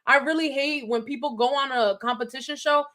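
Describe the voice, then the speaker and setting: A woman with a fairly high voice, narrating events in a chatty way and slipping into quoted reactions. She talks as a casual podcast co-host. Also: steady tone, fairly quick, bright, forceful tone. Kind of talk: casual reality-TV recap chat.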